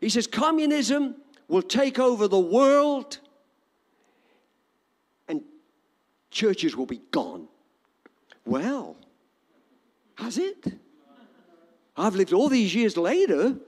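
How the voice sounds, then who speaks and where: A man's voice: high voice, big pitch swings, slow, pauses often, in a large hall. An older man with an English accent preaching a sermon in an emphatic, repetitive cadence. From England.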